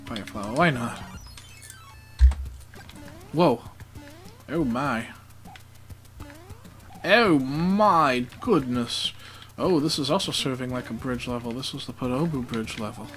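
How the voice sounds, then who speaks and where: A man talks his way through a video game in a loose, joking commentary, his voice sitting at an ordinary middle pitch. He pokes fun at himself between moves, and faint game music plays underneath. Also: moderate pace, long pauses, rough recording. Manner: chatty, joking, self-mocking asides. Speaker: let's play commentator. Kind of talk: casual gameplay commentary.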